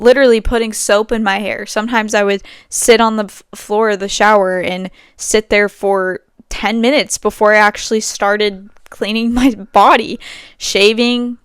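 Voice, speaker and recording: A woman's voice: mid-range voice, clear, resonant tone, no room sound, clean studio sound. A young woman hosting a podcast at home, talking candidly and rambling, with many fillers and frequent laughs. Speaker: podcast host. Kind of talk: casual monologue.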